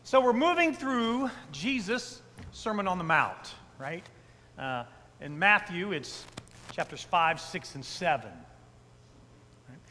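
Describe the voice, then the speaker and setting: Male pastor, high lively voice, slow emphatic preaching, church sanctuary with a long echo. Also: slight background noise. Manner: conversational, frequent "right?" asides to the congregation; emphatic repetitions. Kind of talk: sermon.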